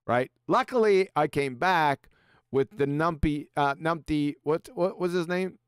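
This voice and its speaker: A man's voice: on the high side, sing-song, normal speed, clean tone, dry recording, studio quality. A man hosting a live-stream panel chat, talking bluntly and mockingly with frequent swearing. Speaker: host.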